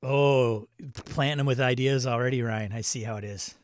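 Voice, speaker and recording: A man's voice: mid-range voice, fairly even intonation, moderate pace, no room sound, clean studio sound. A man with a Midwestern American accent who hosts a casual livestream chat, joking, rambling and answering his chat. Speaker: host.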